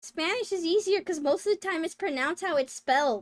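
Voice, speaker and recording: A woman's voice: extremely high pitch, brisk, dry recording. A woman livestreamer chatting casually, giggly, swearing now and then and stumbling over her words. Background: faint game music.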